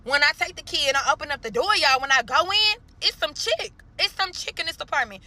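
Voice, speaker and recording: A woman's voice: sits high, lively intonation, pushed and bright. A young woman from St. Louis telling a storytime vlog, cursing freely and calling her viewers y'all. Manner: profane, addresses viewers as y'all, drawn-out dramatic telling.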